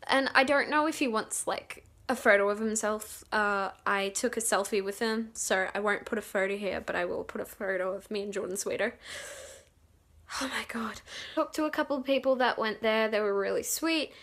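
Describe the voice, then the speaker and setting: A young woman telling a rambling, excited storytime, giggling and acting out quotes loudly. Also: a little high, normal speed. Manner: excitable, giggly, acts out quotes with bursts of loudness; rambling with many fillers and restarts. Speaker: vlogger. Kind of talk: casual storytime.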